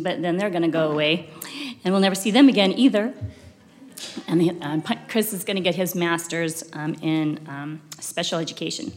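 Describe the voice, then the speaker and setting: Fiftyish woman giving a church talk, lowish voice, lots of ums, gets choked up, echoey chapel reverb. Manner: rambling, emotional, with many fillers. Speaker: church speaker. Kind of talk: sacrament meeting talk. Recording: long reverb of a chapel hall.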